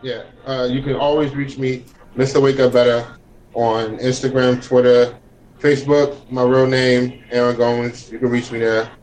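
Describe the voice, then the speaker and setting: Man, show guest, earnest, rambling, self-deprecating, medium pitch. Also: level tone, normal speed, a little mellow, poor audio. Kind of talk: casual chat.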